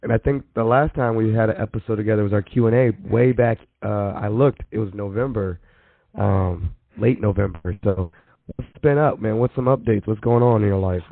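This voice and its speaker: A man with a low, gravelly voice hosts a relaxed podcast conversation. He is easygoing and trips over his words now and then. The sound is dry and narrow, like a phone line. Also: moderate pace, dry recording. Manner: easygoing, stumbles over words and laughs at himself. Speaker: podcast host. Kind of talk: casual podcast chat.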